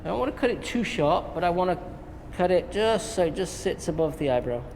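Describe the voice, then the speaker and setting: An English man explains a haircut step by step in a relaxed, chatty manner, slipping in little jokes as he works. His voice rings with a long echo in a salon, with clear noise behind him. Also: high-pitched, a little fast. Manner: relaxed, chatty, joking asides while cutting. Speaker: hairstylist and educator. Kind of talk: live haircut tutorial commentary. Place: hair salon. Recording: echoey salon with background noise.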